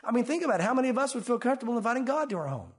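A male pastor preaching a sermon in an animated way, swinging between emphatic and hushed delivery. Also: very high-pitched, very fast, slightly rough.

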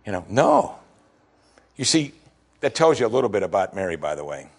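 Male pastor, middle-aged, husky, lively delivery; sermon read. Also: lowish voice, brisk. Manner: animated, emphatic, acts out quoted lines.

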